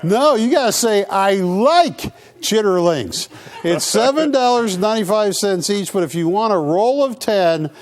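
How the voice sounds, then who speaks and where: Animated, high-pitched joking male salesman. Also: moderate pace, few pauses. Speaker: coin sales show host. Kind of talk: live shopping broadcast pitch.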